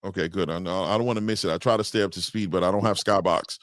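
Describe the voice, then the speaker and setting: A man hosting a casual boxing chat show, talking loosely with repeats and shout-outs. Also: deep voice, fairly even intonation, fast, no echo, clean studio sound. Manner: loose, repetitive, hypes guests with shout-outs. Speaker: podcast host.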